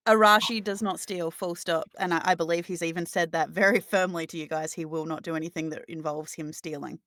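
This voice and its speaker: A woman narrates a tabletop game as its game master, lingering over details and filling her pauses with "um". Her voice sits a little low and the recording is dry, with no room sound. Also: steady tone, a bit bright, no echo. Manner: detailed, meandering descriptions full of filler sounds.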